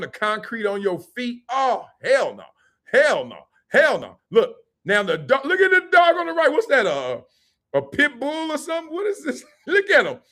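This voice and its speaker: A man hosting a live-streamed sports and culture talk show, reacting to a clip in an animated, slangy way and laughing often. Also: very high voice. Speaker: host.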